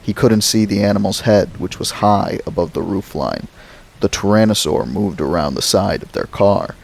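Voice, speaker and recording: Low gravelly male storyteller. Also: animated, moderate pace, darkish tone, poor audio. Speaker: narrator. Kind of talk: audiobook narration.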